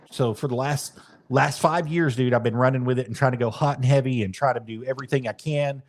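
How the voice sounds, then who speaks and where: A man who wrestles, chatting in a loose, animated storytelling style and dropping casual swears. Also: medium pitch.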